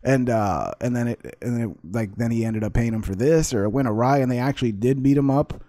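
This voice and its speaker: A man's voice: mid-range voice, a little fast, mellow, dry recording, clean studio sound. A man hosting his own vlog, ranting with sarcasm and constant swearing as he reacts to clips. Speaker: vlog host. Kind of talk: profane ranting commentary.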